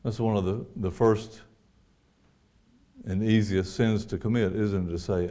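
A man's voice: low voice, fairly even intonation, unhurried, long pauses, mellow. A man preaching a sermon, earnest, quoting scripture and asking his listeners rhetorical questions.

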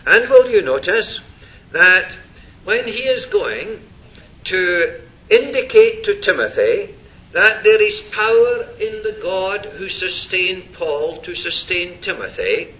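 A man preaching an expository sermon verse by verse, deliberate and stressing key words. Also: sits high, sharp tone, dull audio.

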